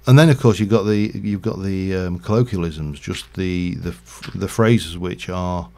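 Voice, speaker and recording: Deep gravelly man, slight Yorkshire accent. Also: fairly even intonation, normal speed, warm tone. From Yorkshire, England. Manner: rambling, chatty, self-correcting. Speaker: game streamer. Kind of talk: casual livestream gameplay commentary.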